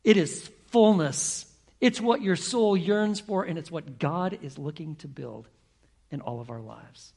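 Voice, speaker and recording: A male pastor preaching to his congregation in a gravelly, husky voice that sits a little high for a man. He tells a story and keeps asking his listeners questions, drawing them into it. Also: a little slow, darkish tone. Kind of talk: sermon.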